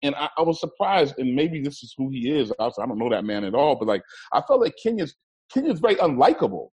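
A man co-hosting a casual chat, animated and stammering a little as he gives his take on a show. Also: medium pitch, fast, slightly rough, rough recording. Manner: animated, acts out quotes, stammers. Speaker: podcast co-host.

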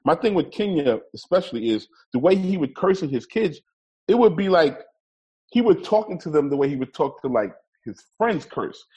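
A man co-hosting a casual chat, animated and stammering a little as he gives his take on a show. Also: a little high, normal speed, breathy edge, poor audio. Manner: animated, acts out quotes, stammers. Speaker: podcast co-host.

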